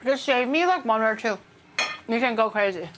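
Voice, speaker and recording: A woman with a fairly high voice chats casually as she cooks at home, reacting to viewers and swearing now and then. Faint background noise sits under her voice. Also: animated, normal speed. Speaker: streamer cooking on stream. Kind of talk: casual chat while cooking. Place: home kitchen.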